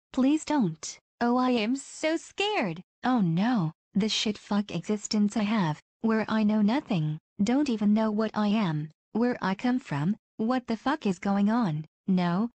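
A woman's voice: medium pitch, a little mellow, no echo. A woman playing a profane, mocking woman mystic who declaims and sneers sarcastically.

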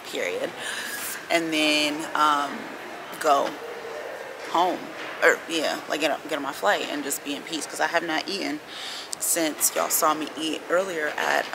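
Vlogging to camera inside an airport terminal, a young woman with a low-pitched, gravelly voice chats casually in a rambling, slangy way. Announcements and general bustle fill the noisy background.

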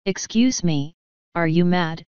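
A sharp-tongued, imperious girl in a storybook, blunt and scornful, as a woman narrator voices her. The voice is very clear and a little low. It is recorded dry and slightly dull. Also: slow, no room sound.

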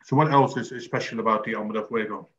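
A man's voice: lowish voice, fairly even intonation, fast, fairly bright tone. A man with a Dutch accent hosts a virtual tasting over a video call, talking hesitantly with many fillers. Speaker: host. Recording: dull lo-fi video call audio.

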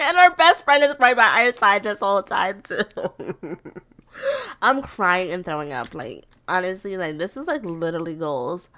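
A young woman casually commentating a life-simulation game as channel host, chatty and excitable, often laughing. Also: on the low side, moderate pace. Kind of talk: casual let's-play commentary.

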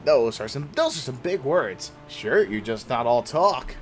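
A man's voice: medium pitch, big pitch swings, measured pace, slight background noise, voice pushed down. A man voicing a cocky young hero who taunts his foe. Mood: taunting.

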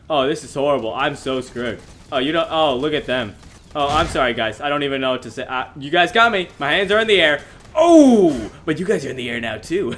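A young man giving excitable, self-mocking gameplay commentary as a gaming YouTuber, often laughing at himself. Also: medium pitch, a little hiss or hum.

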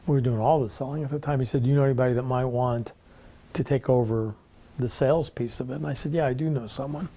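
An older man casually telling the story of how he started his business, relaxed and conversational. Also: mid-range voice. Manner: relaxed, conversational, rambling with restarts.

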